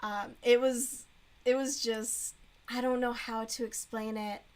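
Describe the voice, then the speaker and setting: A woman with a somewhat high voice chats casually as she crochets on a stream. She talks frankly and with open mockery, trailing off with fillers before landing blunt judgments. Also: steady tone, a little slow, a little mellow. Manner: blunt, frank, mocking book review with laughs. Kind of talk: casual chat while crocheting.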